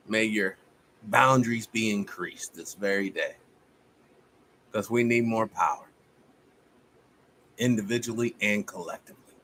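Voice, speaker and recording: A man hosting a live stream, giving a fiery, profane, preacher-like monologue that swings between loud outbursts and low muttering. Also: normal speed, pauses often, a little hiss or hum.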